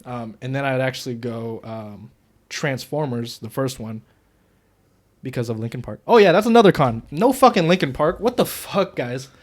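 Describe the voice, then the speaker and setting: A young man co-hosting a podcast, chatting casually and profanely about a movie, getting loud when worked up. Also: medium pitch, expressive, normal speed. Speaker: podcast co-host. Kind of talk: casual movie review chat.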